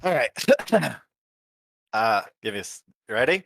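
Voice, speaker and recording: A woman tabletop player chats casually, explaining herself in halting, restarting bursts. Her voice moves around lively, and the sound is dry and close. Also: extremely low pitch, creaky, dry recording. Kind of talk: casual chat between players.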